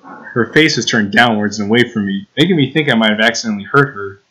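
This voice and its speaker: A man's voice: lowish voice, quick pace, pushed and bright, rough recording. A young man hosting a let's play, reading visual novel text aloud with casual, giggly asides.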